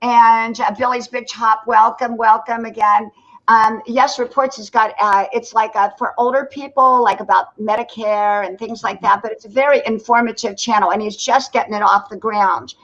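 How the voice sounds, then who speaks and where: A woman's voice: on the high side, fairly even intonation, normal speed, fairly bright tone, lo-fi sound. An older woman hosting a casual live stream from her porch, chatty and greeting viewers by name. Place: home porch.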